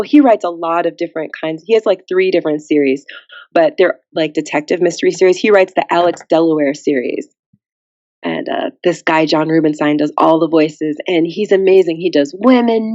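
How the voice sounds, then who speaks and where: Animated woman telling a story, lo-fi. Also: lowish voice, no echo. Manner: animated storyteller who acts out quotes. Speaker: podcast guest, author. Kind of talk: casual storytelling chat.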